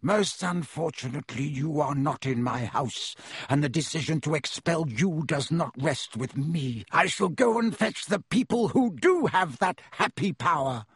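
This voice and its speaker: A man voicing a cold, sneering male potions teacher who speaks softly and slowly with menace, and snaps at times. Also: on the high side, expressive, breathy edge, no echo, studio quality, exaggerated voice. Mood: icy. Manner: soft, slow, menacing, with sudden snapping.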